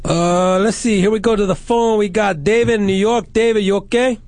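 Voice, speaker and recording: A man's voice: high-pitched, fairly even intonation, fairly quick, a little mellow, no room sound. A man hosting a radio call-in show, rambling and joking crudely with his studio crew. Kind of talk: loose profane radio banter.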